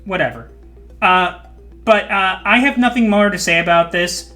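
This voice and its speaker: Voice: mid-range voice, normal speed, fairly bright tone, faint music behind. A podcast host chatting casually, opinionated and laughing often. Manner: opinionated, laughs often, jokey put-on voices. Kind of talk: casual chat.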